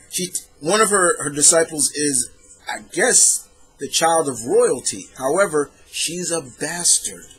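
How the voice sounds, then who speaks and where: A man's voice: mid-range voice, slightly rough. A young man talking casually on his own about comic books, rambling and correcting himself as he goes. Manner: rambling, animated, self-correcting. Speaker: comic book reviewer. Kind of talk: casual solo review talk.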